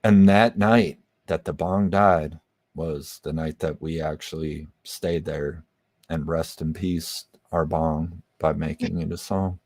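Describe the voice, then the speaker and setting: A man's voice: rumbling low, fairly even intonation, takes it slowly, darkish tone, dry recording. A man guesting on a podcast, chatting casually about his music, rambling with lots of fillers and swearing. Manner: laid-back, swears a lot, rambling with many fillers. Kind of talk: casual interview chat.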